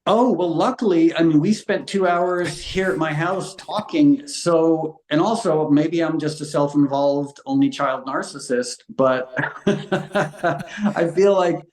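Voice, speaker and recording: A man's voice: a little high, measured pace, few pauses, a little mellow. Earnest middle-aged man in a roomy space. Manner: earnest, impassioned and frank. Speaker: guest. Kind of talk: conversational interview. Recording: roomy echo.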